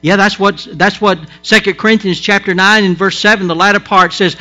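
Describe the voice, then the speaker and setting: Man, pastor preaching, high bright voice, folksy asides, faint music underneath. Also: steady tone, brisk, hardly any pauses. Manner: emphatic preaching with folksy asides and repeated restarts. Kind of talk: sermon.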